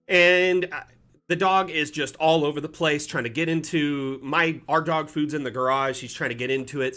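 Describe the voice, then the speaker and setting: A man hosting a live stream, telling a casual story in an animated, rambling way and often correcting himself mid-sentence. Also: fairly high pitch. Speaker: community manager streamer. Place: home, Las Vegas.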